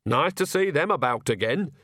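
A chatty old village witch woman with a raised, lively voice, as a man reading a story puts her on. She teases and jokes in a dry, close sound. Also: on the high side, moderate pace, no echo, voice pushed up. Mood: teasing. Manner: chatty, teasing.

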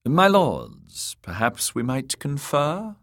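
A man's voice: mid-range voice, big pitch swings, slow pace, fairly bright tone, pitched above the performer's own voice, heavily acted. A man voicing a cautious, diplomatic older noblewoman. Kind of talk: audiobook character voice.

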